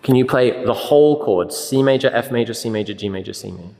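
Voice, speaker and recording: A man teaching a group music lesson, now and then singing notes and syllables in a high voice. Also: fast, creaky, echoey room, in a large hall. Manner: sings note names and syllables in a high voice.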